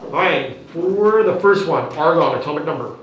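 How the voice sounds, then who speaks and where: A man's voice: a little high, expressive, normal speed, dull audio, a little hiss or hum. Upbeat male teacher in an echoey classroom. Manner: upbeat, coaxing, peppered with "okay?" and "right?". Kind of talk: classroom lesson. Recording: very echoey classroom, distant mic.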